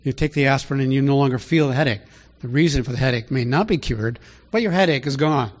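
A man preaching a conversational Bible teaching, asking rhetorical questions and rising in pitch to stress his points. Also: fast. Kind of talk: sermon teaching.

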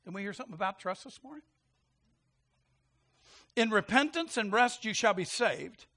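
A man preaching a sermon, animated, quick to laugh and calling out questions to his congregation. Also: sits high. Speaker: pastor.

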